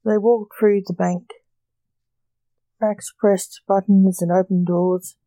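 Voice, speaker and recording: A woman reading her short story aloud, slow and deliberate. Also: medium pitch, steady tone, warm tone, no room sound.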